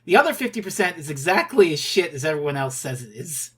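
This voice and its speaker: Low-voiced woman, laughing podcast host. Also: big pitch swings, quick pace. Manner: exclamatory, laughs often, swears. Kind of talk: casual chat.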